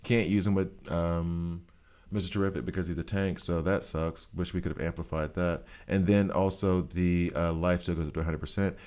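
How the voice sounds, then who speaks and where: A man's voice: low-pitched, steady tone, normal speed, darkish tone. A tired man hosting a game guide video, rambling in a chatty way and slipping into a Southern twang now and then. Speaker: mobile game guide host. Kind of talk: casual gameplay commentary.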